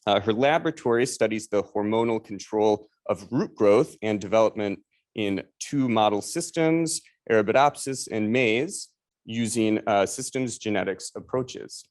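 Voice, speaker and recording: A man with a Chicago accent opens an academic seminar and introduces the speakers. His voice sits a little low, and he talks in a relaxed, hesitant way with many fillers. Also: normal speed. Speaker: seminar host.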